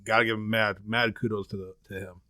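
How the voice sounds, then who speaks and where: Laid-back low-voiced man in a dry room. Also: flat delivery, quick pace, pushed and bright, no echo. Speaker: podcast co-host. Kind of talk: casual comics chat.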